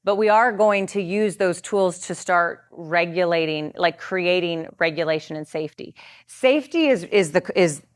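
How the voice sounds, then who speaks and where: A woman with a fairly low voice and moderate pace speaks as a guest coach on trauma and the nervous system. Explaining earnestly in a masterclass talk, she uses many filler words and restarts.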